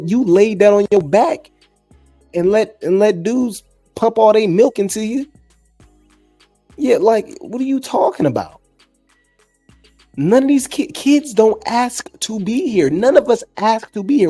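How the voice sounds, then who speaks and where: A man's voice: high voice, dark tone. A man hosting a gossip commentary show, reacting to a clip in a sarcastic, blunt, scolding way.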